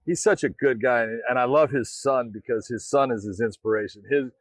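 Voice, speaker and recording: A man's voice: medium pitch, brisk, dry recording. A middle-aged man co-hosting a podcast, telling stories and acting out quotes in casual chat. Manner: animated storyteller, acts out quotes. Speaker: podcast co-host.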